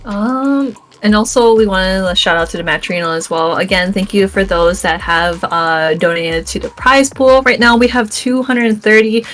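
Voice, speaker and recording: A woman's voice: mid-range voice, moderate pace, few pauses, fairly bright tone. Upbeat woman esports co-caster. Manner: upbeat, laughs often, thanks viewers. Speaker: esports co-commentator. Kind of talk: live esports commentary.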